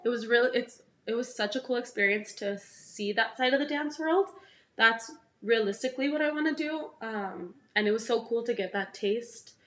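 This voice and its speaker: A young woman, a dancer and dance teacher, chatting casually in an interview and telling stories with lively quoted voices. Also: fairly high pitch, moderate pace, slight background noise. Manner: animated storyteller, acts out quoted voices. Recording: echoey room.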